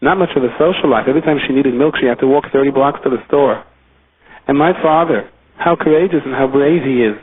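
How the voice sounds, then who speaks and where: A man's voice: medium pitch, a little fast, lightly acted. A man voicing a child musing in awe about his parents, heard over a tinny phone line. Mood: awed.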